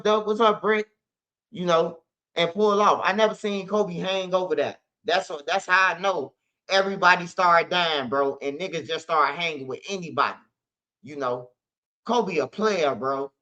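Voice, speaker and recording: A man spins a long story in loose, slangy, profane speech. His voice sits fairly high with a bright, forceful edge. The audio comes through dull and lo-fi. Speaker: host of a street news channel. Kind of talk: casual storytelling monologue.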